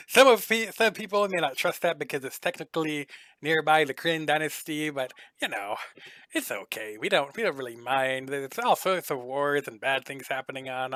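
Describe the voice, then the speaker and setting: A man's voice: on the high side, bright, forceful tone, dry recording. A man voicing a chatty, flirtatious male gnome shopkeeper who rambles on and on. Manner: rambling, overly friendly, flirtatious.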